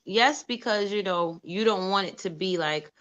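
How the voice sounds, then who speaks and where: A woman producer and actress talking as a guest in a casual interview, lively and outspoken. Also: mid-range voice, moderate pace, highs cut off.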